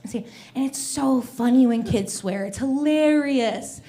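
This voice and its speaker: Woman doing stand-up, lively storyteller. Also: high-pitched, measured pace. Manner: animated storytelling, acts out kids' voices. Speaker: stand-up comedian. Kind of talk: stand-up comedy set. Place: comedy club stage.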